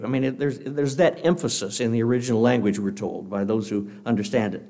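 A man giving a sermon to a congregation, earnest and measured, slowing down to read scripture aloud. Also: medium pitch, a little mellow. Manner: guest speaker addressing a congregation. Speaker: preacher.

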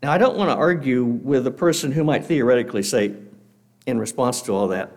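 Man preaching with lively pitch. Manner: measured, earnest, reads scripture slowly; guest speaker addressing a congregation. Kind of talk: sermon.

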